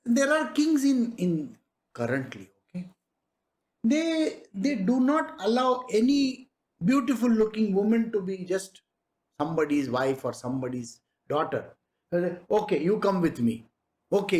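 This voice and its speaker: Lively man giving a spiritual discourse. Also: sits high. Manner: conversational, rhetorical questions, chuckles often. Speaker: spiritual teacher.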